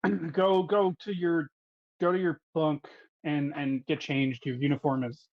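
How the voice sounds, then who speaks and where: A man's voice: fairly high pitch, level tone, a little slow, muffled recording. A man voicing a stern male German trooper who guards his post and goes by the rules, scolding curtly. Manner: curt, by-the-book scolding.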